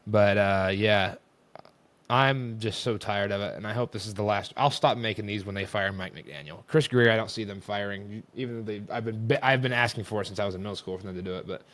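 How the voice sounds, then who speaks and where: Exasperated young man ranting, low voice. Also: a little fast, a bit bright. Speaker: host. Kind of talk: casual sports rant.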